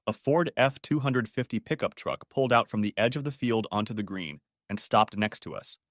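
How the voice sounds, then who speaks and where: A man narrating a first-person audiobook story in a steady storytelling manner. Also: fairly low pitch, moderate pace, no room sound, clean studio sound.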